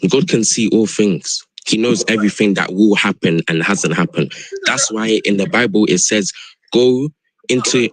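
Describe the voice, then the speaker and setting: A man's voice: fairly low pitch, moderate pace, fairly bright tone, no room sound. A man calling into a live debate stream, insistent and preachy as he argues his point.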